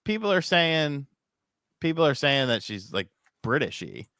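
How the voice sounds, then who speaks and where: Sing-song and unhurried, his medium-pitched voice sounds pushed and bright yet clean, recorded in a clean studio with no room sound. The sleep-deprived podcast host rambles on his livestream, swearing casually, reading donations, and chuckling at his own bits.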